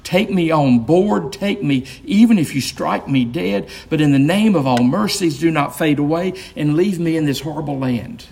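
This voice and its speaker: A man's voice: mid-range voice, measured pace, gravelly, darkish tone, breathy edge. A man voicing a wild-eyed, terrified castaway who pleads and warns in a frantic voice. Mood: begging.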